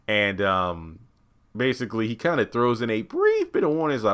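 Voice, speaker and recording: A man's voice: mid-range voice, wildly swooping pitch, normal speed, fairly bright tone, smooth. Chatty man recapping a TV episode. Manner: chatty, uses many fillers, acts out quotes. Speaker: TV recap host.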